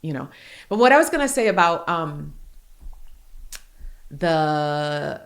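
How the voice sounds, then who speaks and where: A woman in her forties hosting a podcast, talking candidly and earnestly, with quick laughs between heartfelt points. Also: low-pitched, sing-song. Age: 40s. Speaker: podcast host.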